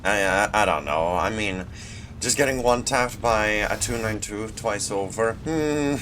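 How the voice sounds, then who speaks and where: A Swedish man, just woken up and a bit groggy, commenting casually on his gameplay with a laid-back, rambling manner and sudden loud outbursts. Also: lowish voice, a little slow, slight background noise. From Sweden. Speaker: gaming channel host.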